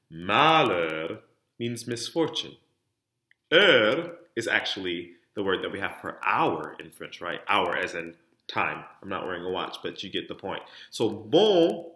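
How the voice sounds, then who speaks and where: A man teaching French diction in an online lesson, speaking each word clearly for students to repeat and stressing word endings. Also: on the low side, lively intonation, unhurried, a bit bright, roomy sound. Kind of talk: online lesson, modeling words for repetition.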